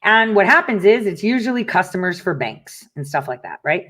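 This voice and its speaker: Hosting a talk show, a middle-aged woman speaks casually to listeners, telling stories and ranting bluntly with lots of profanity and laughter. Her mid-range voice is sing-song and fairly bright, at a moderate pace.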